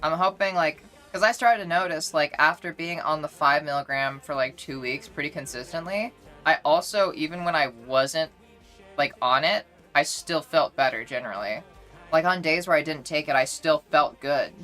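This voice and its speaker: A woman streams and chats loosely with her viewers in a low, bright voice, circling back and restarting her sentences as she rambles. Soft music plays faintly behind her. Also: normal speed. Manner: chatty, rambling, frequent restarts. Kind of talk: casual live-stream chat with viewers.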